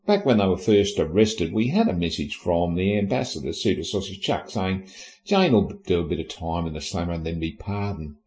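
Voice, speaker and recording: A man's voice: deep voice, lively intonation, a little fast, a little mellow, rough recording. A man narrating history in an irreverent, comic way, cheeky and sweary with lots of slang.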